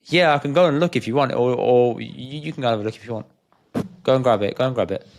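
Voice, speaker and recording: A man co-hosting a podcast in casual chat, relaxed and emphatic, laughing easily. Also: medium pitch, fast talker. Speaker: podcast co-host.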